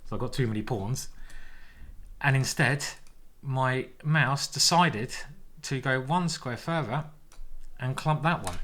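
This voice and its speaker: Animated man commenting on his chess. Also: medium pitch, slight background noise. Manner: animated, exclaiming, self-mocking banter. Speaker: chess grandmaster streamer. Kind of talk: live chess commentary while playing.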